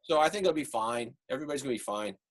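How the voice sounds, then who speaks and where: A man teaching an online art class over a video call, relaxed and rambling with many fillers. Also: medium pitch, racing. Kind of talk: online class lecture and critique.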